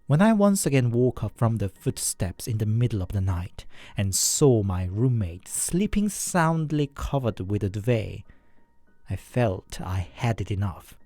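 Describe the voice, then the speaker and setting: A narrator telling a first-person horror story in a scripted, expressive way. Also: mid-range voice, unhurried, no echo, faint music behind.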